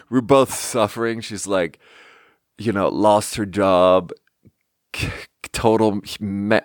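A man's voice: on the low side, no echo, clean studio sound. A man hosting his own podcast solo, rambling casually and self-deprecatingly, often breaking into laughter. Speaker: podcast host.

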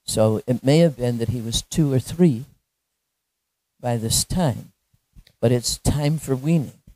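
A woman preaching a sermon, telling a story with lively, animated delivery and frequent laughter. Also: extremely low pitch, measured pace, no room sound.

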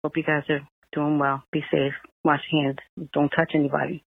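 A woman's voice: deep voice, flat delivery, moderate pace, vocal fry. Angry New York woman on a tinny phone line. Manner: angry profane rant. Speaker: caller. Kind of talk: venting voicemail.

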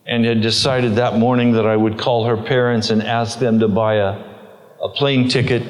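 Guy slowly telling his faith story, earnest, kinda echoey hall sound. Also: mid-range voice. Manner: slow, earnest storytelling, voice rising with emotion. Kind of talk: personal testimony. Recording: long hall reverb.

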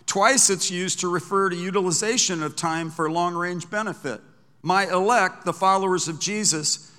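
A man's voice: high voice, sharp tone. A man preaching a sermon as pastor, emphatic, reading scripture aloud and repeating words for stress. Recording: long hall reverb.

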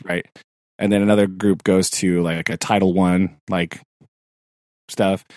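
A man's voice: low-pitched, level tone, measured pace, a little mellow, no echo, studio quality. A man who teaches sixth grade, chatting casually on a podcast, rambling with fillers and frequent laughs. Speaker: podcast co-host. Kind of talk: casual chat.

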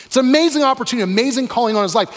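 A man preaching a sermon in a relaxed, conversational way, often asking the audience questions. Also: very high-pitched, very fast. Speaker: pastor. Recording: long reverb of a large hall.

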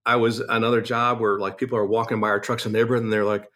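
A man who owns a business, a podcast guest, telling stories in a casual, animated and blunt way, often acting out conversations. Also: fairly low pitch, racing. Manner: animated, acts out quoted conversations; blunt, occasional profanity. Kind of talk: casual interview storytelling.

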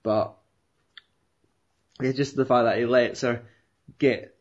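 A man's voice: mid-range voice, steady tone, slow. A young man rambling, swearing and laughing as he retells a film in casual chat. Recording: dull lo-fi recording.

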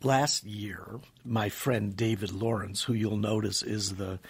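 A man with a low, raspy, gravelly voice talks eagerly as a radio guest. He tells stories with enthusiasm and slips into voices when he quotes people. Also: steady tone, slow pace. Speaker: scientist guest. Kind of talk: animated radio interview.

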